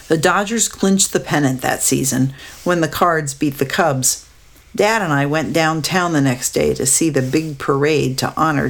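A woman narrating a children's story aloud in a calm, measured way. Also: low voice, creaky.

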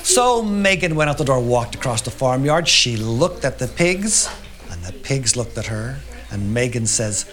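A storyteller giving an animated live performance of a children's tale, oinking as the pigs and swinging between loud and soft. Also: mid-range voice, moderate pace. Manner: animated, shifts loudness for effect, oinks as pigs. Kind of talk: lively storytelling performance for an audience. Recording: live recording with audience noise.

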